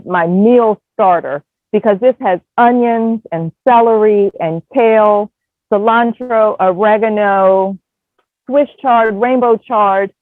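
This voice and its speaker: A woman's voice: a little high, no echo. A woman gushing about her garden in a casual testimonial on a video call. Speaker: garden tour guest. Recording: tinny phone-line sound, dry.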